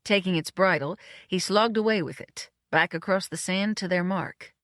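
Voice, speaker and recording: Brisk audiobook narrator, dry sound. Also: mid-range voice, fairly bright tone, no room sound. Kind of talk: scripted narration.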